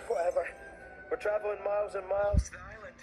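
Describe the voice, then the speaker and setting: A man's voice: high voice, little pitch movement, fairly quick. A man voicing an easygoing young male conductor in a fan dub, casual, slangy and given to sighs. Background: music.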